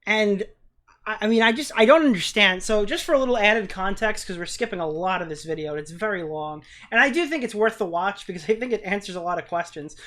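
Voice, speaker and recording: A woman's voice: mid-range voice, animated, fast talker, fairly bright tone. A woman streamer giving live reaction commentary on an online drama, incredulous and swearing freely.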